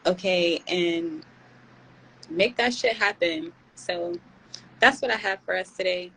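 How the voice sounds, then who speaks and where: A woman's voice: on the low side, takes it slowly, gravelly, bright, forceful tone, a little hiss or hum, rough recording. A young woman, hosting a tarot channel and talking casually and slangily to her viewers. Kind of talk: casual livestream chat.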